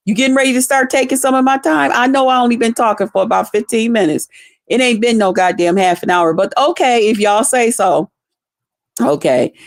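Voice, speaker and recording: A woman's voice: mid-range voice, dry recording, studio quality. A middle-aged woman giving blunt, profane livestream commentary, laughing often and greeting chat viewers by name.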